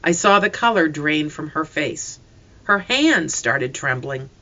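An audiobook narrator reading a first-person story in an expressive, scripted way. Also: mid-range voice, slow.

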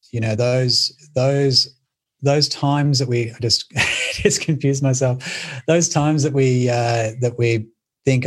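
A man hosting a casual video-call chat, speaking with pauses and restarts as he works out his thoughts. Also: mid-range voice.

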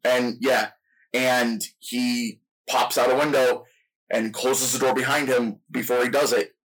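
A man in a relaxed movie chat walks through a film scene beat by beat, piling on detail after detail. His voice sits at an ordinary middle pitch, neither deep nor high. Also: measured pace, breathy edge, poor audio. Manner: retells movie scenes in long detailed play-by-play. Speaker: podcast co-host. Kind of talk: casual film discussion.

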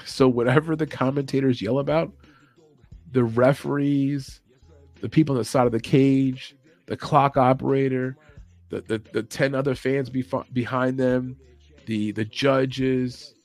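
A man hosting a late-night livestream, chatting loosely with his viewers and swearing freely, and now and then mimicking commentators with sudden yells and whispers. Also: medium pitch, dry recording. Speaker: podcast host. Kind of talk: casual livestream chat. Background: faint music playing.

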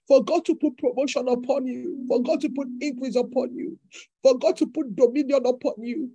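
A woman's voice: high-pitched, mellow, slightly rough, no room sound, low-quality recording. A woman preacher delivering a fervent sermon with repeated declarations.

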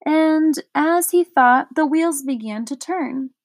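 A woman's voice: sits high, slow, no echo. A woman reading a children's storybook aloud, giving the characters their own voices. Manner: voices characters with lively shifts. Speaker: audiobook reader. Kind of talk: storybook narration.

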